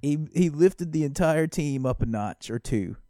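A man with a dark, mellow voice co-hosts a casual football podcast. He talks with enthusiasm and laughs often, and the sound is dry and close. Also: on the high side, lively intonation, moderate pace, dry recording. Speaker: podcast co-host. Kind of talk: casual sports chat.

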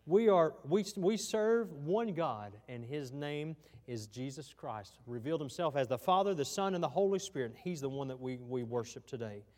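Male pastor, slightly high voice, folksy sermon delivery, echoing church hall. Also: lively intonation, normal speed, few pauses, darkish tone. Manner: folksy preaching with frequent restarts. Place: church sanctuary.

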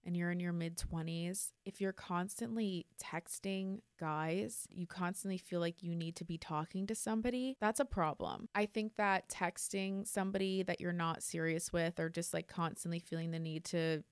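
Twenties woman doing a solo podcast, kinda low voice, swears a lot, super dry close mic. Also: moderate pace, few pauses, smooth, dry recording. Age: 20s. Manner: candid and profane, animated when retelling stories. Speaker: podcast host. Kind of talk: casual solo podcast monologue.

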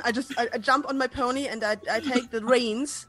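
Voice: medium pitch, steady tone, a little fast, pushed and bright. A player speaking in character in a tabletop game, playful and insistent.

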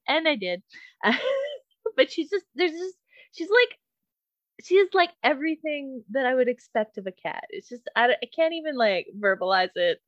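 A woman's voice: high voice, animated, normal speed, no echo, highs cut off. A woman co-hosting a casual podcast, rambling, swearing freely and laughing often. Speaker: podcast co-host. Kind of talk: casual chat.

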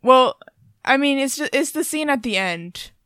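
A woman's voice: high voice, animated, fairly bright tone, dry recording, studio quality. A young woman co-hosting a casual chat, laying out her theories about song lyrics step by step. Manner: measured, explains theories step by step. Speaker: podcast co-host.

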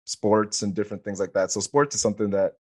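A man's voice: lowish voice, level tone, quick pace, darkish tone. A man hosting a podcast in casual conversation, hesitant, with many "uh" fillers. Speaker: podcast host.

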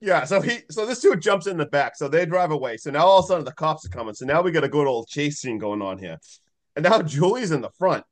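A man's voice: a little high, very animated, fast talker. Rambling man retelling a movie scene. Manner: rambling, lots of "like", acts out characters' lines. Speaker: podcast co-host. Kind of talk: casual movie recap chat.

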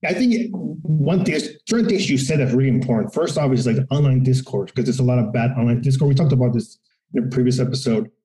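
Profane, animated man in an echoey room. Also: medium pitch, fast. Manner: profane, animated, acts out quotes. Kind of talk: casual political discussion.

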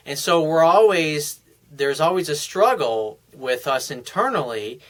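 Bright-voiced man giving blunt advice. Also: on the high side, animated, unhurried. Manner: frank and blunt, coaching tone. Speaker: relationship advice giver. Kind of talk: casual advice monologue.

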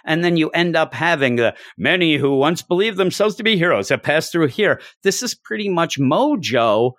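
A man's voice: fairly high pitch, expressive, moderate pace, fairly bright tone, no room sound. Man reviewing comics on a dry mic. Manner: acts out character lines in raised voices. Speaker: podcast co-host. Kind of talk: casual comic book review chat.

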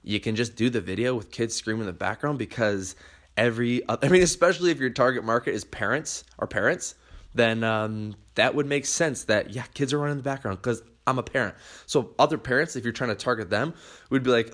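A man's voice: medium pitch, fairly quick. Profane, fired-up male podcaster. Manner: blunt, profane, animated. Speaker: podcast host. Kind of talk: motivational podcast monologue.

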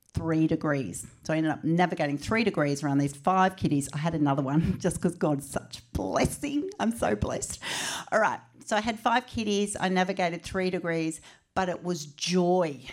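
At a book launch, an Australian woman author gives a personal storytelling speech in a lowish voice. She's chatty and animated, acting out quotes as she goes.

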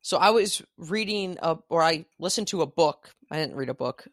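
A man's voice: a little high, animated, moderate pace, a bit bright, dry recording, studio quality. A man co-hosting a casual podcast chat from home, rambling and self-deprecating. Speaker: podcast co-host. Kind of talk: casual chat on a video call. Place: home, remote.

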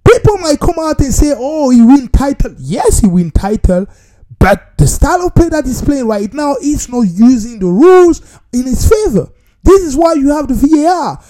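Man, football commentator vlog, mellow voice, very lively pitch, keeps addressing viewers as "people.". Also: moderate pace. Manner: animated, repetitive, talks straight to viewers as "people". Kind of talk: casual football opinion monologue.

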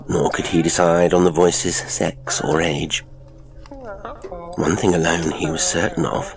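Gravelly deep-voiced man narrating horror.

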